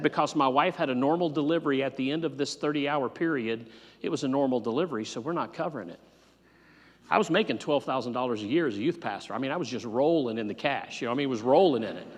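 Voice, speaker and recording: A man in his fifties, a pastor preaching a sermon and telling a personal story, swinging between loud animated bursts and quiet low asides. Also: fast. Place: church sanctuary. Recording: long hall reverb.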